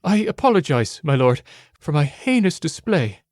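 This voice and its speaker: Bunny girl voiced by a male narrator: young female, devoted, meek, pitched high, dry close sound. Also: very animated, moderate pace, a little mellow, dry recording.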